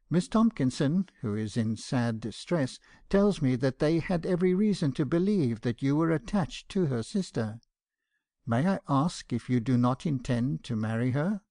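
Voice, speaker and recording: A man voicing a fussy, earnest elderly doctor in an audiobook, speaking with soft, formal, flustered politeness. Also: medium pitch, dry recording, studio quality, natural voice. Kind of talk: audiobook character reading.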